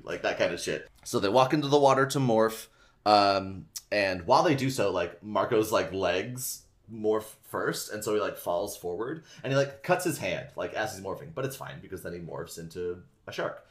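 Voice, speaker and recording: Low-voiced man rambling through a recap. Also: expressive, normal speed. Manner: rambling, heavy use of "like", swears casually, acts out characters' lines. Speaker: podcast host recapping a book. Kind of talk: casual storytelling recap.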